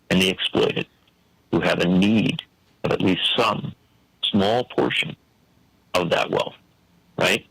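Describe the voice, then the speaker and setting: A man's voice: fairly low pitch, vocal fry, fairly bright tone, slightly rough, no room sound, poor audio. A man giving an emphatic, preacherly political commentary on a talk show, full of rhetorical questions.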